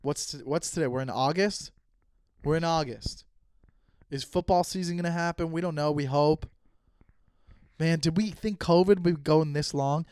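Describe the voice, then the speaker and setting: A man's voice: on the high side, normal speed, long pauses, darkish tone, smooth, dry recording, studio quality. A young man hosting a solo podcast, rambling and joking casually with lots of swearing. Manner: rambling, profane, joking asides. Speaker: podcast host.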